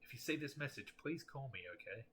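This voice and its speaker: A man's voice: medium pitch, animated, fast talker, a bit bright, slight background noise, natural voice. A man voicing a polite, earnest husband who pleads and frets. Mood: worried.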